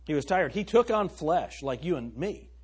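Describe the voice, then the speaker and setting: Husky-voiced man preaching a sermon. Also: fairly high pitch, very animated, moderate pace, a little mellow. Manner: emphatic, asks the congregation questions. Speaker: pastor.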